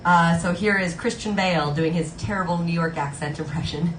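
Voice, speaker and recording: A live-streaming pianist and singer talks fairly quickly in a lowish voice, chatting casually and gushing to her viewers between songs. The room sounds spacious, and the piano is loud.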